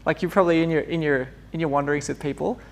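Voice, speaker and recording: A man's voice: on the high side, steady tone, very fast, creaky. A man giving an informal, conversational sermon, laughing often and acting out bits of dialogue. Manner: chatty, laughing asides, acts out dialogue. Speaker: preacher.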